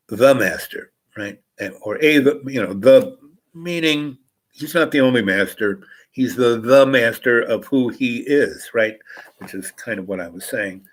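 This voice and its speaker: A man's voice: medium pitch, a bit bright, rough recording. A man casually telling a long personal anecdote, rambling with many fillers and restarts. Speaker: host.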